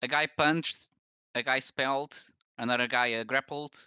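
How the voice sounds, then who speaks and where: A man playing a tabletop game, joking and asking quick rules questions. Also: medium pitch, steady tone, sharp tone, clear, resonant tone, dry recording. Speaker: player.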